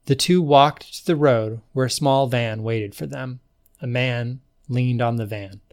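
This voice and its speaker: A man's voice: medium pitch, a little slow. Man narrating a storybook podcast. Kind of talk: scripted narration.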